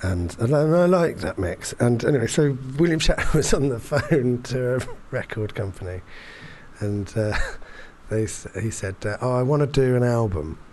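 A man's voice: medium pitch, expressive, normal speed, darkish tone, a little hiss or hum. A man chatting casually as a podcast co-host, telling rambling anecdotes full of fillers and restarts. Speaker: performance poet. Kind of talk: casual chat.

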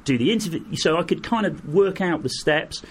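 A middle-aged man, a guest, telling lively anecdotes and acting out the people in them. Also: a little high, a little fast, breathy edge. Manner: animated anecdotes, acts out quoted voices, laughs through. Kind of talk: storytelling in an interview.

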